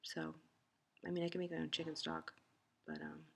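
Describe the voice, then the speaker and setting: A woman with a low, gravelly voice chats into the camera at home. She sounds exhausted and rambles sleepily through a casual video diary. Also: sing-song, normal speed, fairly bright tone. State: tired. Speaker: vlogger.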